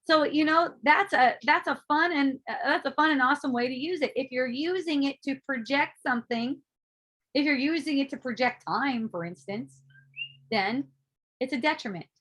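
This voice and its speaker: Woman, high-pitched, spiritual teacher in casual talk, animated, playful, swears. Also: moderate pace. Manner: animated, swearing, acting out her own inner voices, laughing often.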